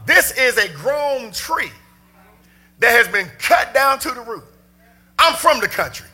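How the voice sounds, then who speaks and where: Male pastor, very high voice, bright piercing tone, fiery sermon, shouting in preaching cadence. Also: sing-song, a little slow.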